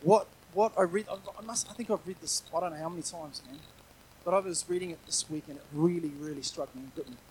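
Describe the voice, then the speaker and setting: Middle-aged male preacher, conversational and earnest, slightly raised pitch, faint background noise. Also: fast, darkish tone, rough recording. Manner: conversational, earnest, with frequent restarts and asides. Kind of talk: sermon.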